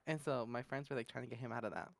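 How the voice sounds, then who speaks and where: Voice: medium pitch, fairly even intonation, very fast, vocal fry, dry recording. Rambling, laughing podcast storyteller. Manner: rambling, laughs often, fills gaps with "da, da, da"; slangy and blunt. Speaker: podcast host. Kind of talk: casual storytelling chat.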